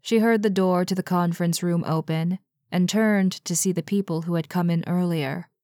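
A woman narrating an audiobook in a measured, even reading. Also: lowish voice, no echo, clean studio sound. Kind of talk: scripted narration.

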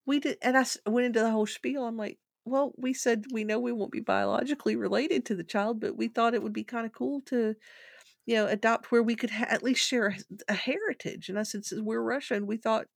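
A woman's voice: a little high, fairly quick, creaky, no room sound, studio quality. A middle-aged woman, rambling through a personal story as a guest. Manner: rambling, animated when telling a funny story. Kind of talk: casual storytelling.

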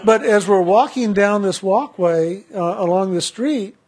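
A man telling a personal story in a chatty, halting way, often repeating words. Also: sits high, slightly rough.

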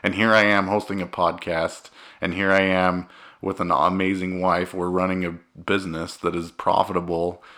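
A man's voice: low-pitched, level tone, normal speed, pushed and bright. A man in his thirties from Utah co-hosting a podcast, talking in an earnest, emotional way that rambles and restarts. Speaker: podcast co-host. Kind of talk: casual podcast chat.

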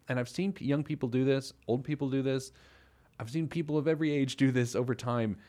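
A man's voice: mid-range voice, fairly even intonation, quick pace, warm tone. A man hosting a casual radio talk show about money, playful and self-mocking, laughing often. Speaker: financial radio show host.

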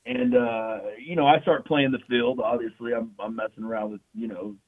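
A man's voice: mid-range voice, steady tone, moderate pace, breathy edge. A young man telling rambling, profane stories in a casual chat. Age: young adult. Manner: rambling, profane, loose and joking. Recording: tinny phone-like sound.

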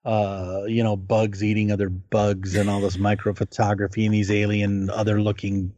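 A man co-hosting a podcast in casual chat about films, rambling and pausing on many filler words. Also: lowish voice, little pitch movement, warm tone, no room sound. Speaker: podcast co-host. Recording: dull, dry podcast audio.

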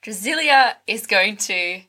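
A woman's voice: medium pitch, expressive, slow, sharp tone. A woman playing a tabletop role-playing game, casual and playful. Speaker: player.

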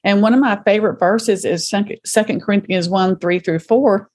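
A woman's voice: mid-range voice, normal speed, a little mellow. A middle-aged woman guest telling her story earnestly, with compassion and vivid retelling. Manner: faith-centered, speaks with compassion. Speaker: podcast guest. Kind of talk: conversational interview.

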